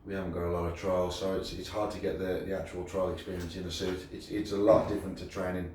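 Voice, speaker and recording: A man's voice: deep voice, flat delivery, fast, a little mellow. A man working as a decoy, talking casually and matter-of-factly. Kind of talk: casual chat. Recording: roomy echo, distant mic, faint noise.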